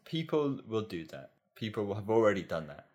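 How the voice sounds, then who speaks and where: Guy w a really low voice, casual podcast chat, kinda hesitant, repeats himself. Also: big pitch swings, normal speed, a little mellow, muffled recording. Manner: musing, hesitant, repeats words. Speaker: podcast co-host.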